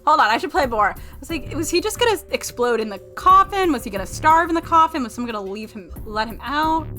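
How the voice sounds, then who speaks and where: Young woman, game streamer, high voice, bouncy, excitable, swearing, faint music behind. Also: fast. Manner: excitable, swearing, laughing, talks back at the game. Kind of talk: casual let's-play commentary.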